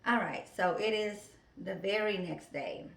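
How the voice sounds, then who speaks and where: A woman's voice: mid-range voice, unhurried, gravelly, slight background noise. A woman vlogging in a casual, chatty way, telling stories with fillers and asides. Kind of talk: casual chat.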